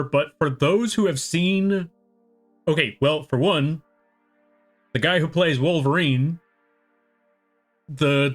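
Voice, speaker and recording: A young American man talks off the cuff to his live-stream viewers as he draws, wandering from thought to thought and teasing himself along the way. His voice sits a little high for a man. Soft music plays quietly underneath. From United States. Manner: rambling, self-deprecating, chats with viewers. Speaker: art streamer. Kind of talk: casual live-stream chat while drawing.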